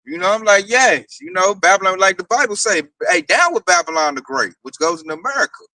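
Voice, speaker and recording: A man with a high, bright and very lively voice talks in an excitable, chatty way, acting out scenes as he tells them. His voice is picked up from some distance in a dry room. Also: brisk, no room sound. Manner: excitable, acts out quoted exchanges. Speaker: participant in a group discussion. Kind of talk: casual animated talk.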